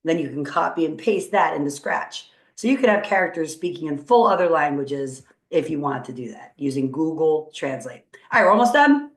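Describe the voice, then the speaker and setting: A woman's voice: low-pitched, expressive, moderate pace, hardly any pauses. A woman teacher walking students through a coding tutorial on screen, upbeat and encouraging as she thinks aloud. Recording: roomy echo.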